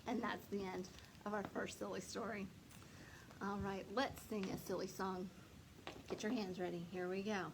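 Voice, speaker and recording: A woman librarian reading a picture book aloud to young children, slowly and expressively. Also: mid-range voice, noisy background. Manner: slow, lively, expressive, speaks to children. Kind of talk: storytime read-aloud.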